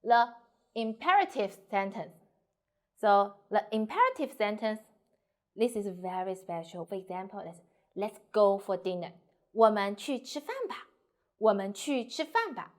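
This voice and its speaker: A woman teaching a Mandarin lesson, patiently explaining and modelling sentence pitch aloud. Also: lively intonation, measured pace. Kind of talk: online language lesson.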